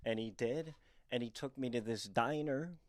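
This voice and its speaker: A young adult man from the northeastern United States tells candid stories as a comedian, rambling and self-deprecating with plenty of fillers. His voice sits at an ordinary middle pitch, and the recording is dry and close. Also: normal speed, no room sound. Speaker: comedian and storyteller. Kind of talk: candid storytelling monologue.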